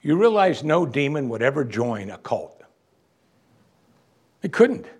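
A man's voice: mid-range voice, big pitch swings, measured pace, slightly rough. A man, a pastor, preaching an expository sermon in a conversational way and acting out quotes from the text.

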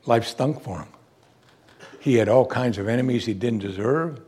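A man preaching a sermon, emphatic and animated, asking the congregation rhetorical questions. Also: mid-range voice, moderate pace, slightly rough. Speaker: pastor.

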